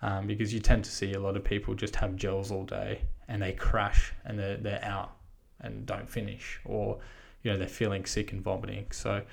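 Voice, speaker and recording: Gravelly, laid-back Australian man. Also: lowish voice, monotone, moderate pace, few pauses. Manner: laid-back, rambling, swears freely. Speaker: podcast host. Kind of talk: casual spoken recap.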